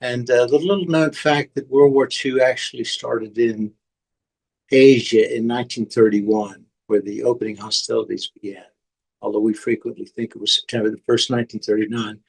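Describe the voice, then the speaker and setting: A man's voice: medium pitch, fairly even intonation, normal speed, creaky, rough recording. A man on a video call earnestly outlining the classes he will teach, with occasional restarts. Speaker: course instructor. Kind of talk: class preview talk.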